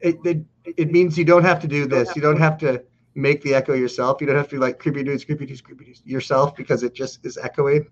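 A man's voice: fairly high pitch, fairly even intonation, brisk, few pauses, lo-fi sound. A male cohost on a comedy show, talking in an earnest, patiently explaining way.

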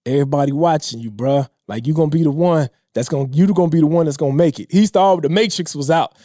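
A man in his thirties telling a personal story in a casual, emotional way, dropping low and quiet when he quotes others. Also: fast, dry recording, clean studio sound. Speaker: podcast guest.

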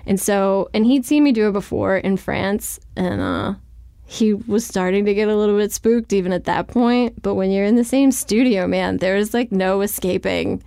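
A woman author speaks as an interview guest in a mid-range, gravelly, mellow voice at normal speed. Chatty and candid, she sprinkles "like" throughout and shows a wry, self-deprecating humor, recorded in studio quality with no echo.

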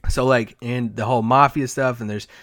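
A man from the Dallas area, a team site editor, co-hosts a casual sports podcast, telling loose, rambling stories full of fillers and restarts. His mid-range voice is fairly bright with fairly even intonation at a moderate pace, recorded in studio quality with no room sound.

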